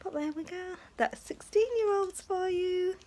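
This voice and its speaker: A woman's voice: a little slow, mellow, slight background noise. A middle-aged woman chatting casually to camera in a daily vlog, sometimes cooing at her pet birds. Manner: chatty, talks to her pet birds in a high sing-song voice. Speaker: vlogger.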